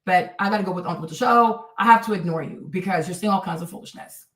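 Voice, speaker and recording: A woman's voice: on the low side, fast talker, roomy sound, recorded from a distance, low-quality recording. A woman livestreaming commentary, reading and answering her chat in a blunt, scolding way, repeating her points.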